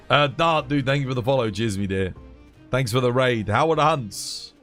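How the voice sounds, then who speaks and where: A man's voice: medium pitch, normal speed, a bit bright, soft background music. A man chatting casually on a live game stream, rambling and repeating himself as he grumbles.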